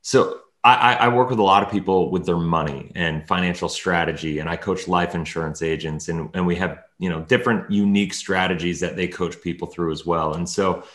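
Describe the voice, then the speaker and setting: A man's voice: low-pitched, steady tone, a little fast, few pauses, a bit bright, reverberant. A man hosting a casual interview, talking in a rambling way with many restarts. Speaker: podcast host.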